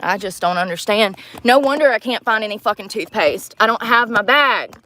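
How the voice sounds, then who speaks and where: A woman's voice: medium pitch, lively intonation, moderate pace, sharp tone. A young woman ranting in a casual livestream, frustrated and swearing as she rambles.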